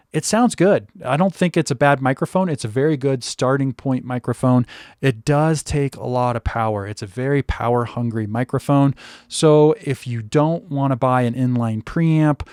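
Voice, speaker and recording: A man's voice: medium pitch, clean tone, dry recording, clean studio sound. A man giving a casual, step-by-step spoken review of a microphone. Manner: relaxed, conversational, explaining step by step. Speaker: tech reviewer.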